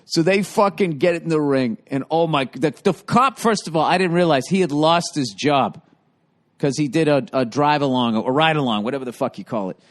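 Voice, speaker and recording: A man's voice: fairly high pitch, a little fast. A man hosting a podcast, telling stories in a casual comedic monologue, with profane, rambling delivery. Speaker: podcast host.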